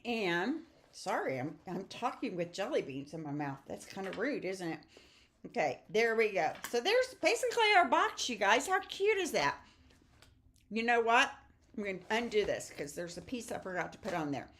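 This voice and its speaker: A woman's voice: medium pitch, animated, moderate pace, a bit bright, slight background noise. Chatty woman teaching a papercraft class. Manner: chatty, upbeat, talks to viewers while crafting. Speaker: stamping and papercraft instructor. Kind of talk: casual craft tutorial.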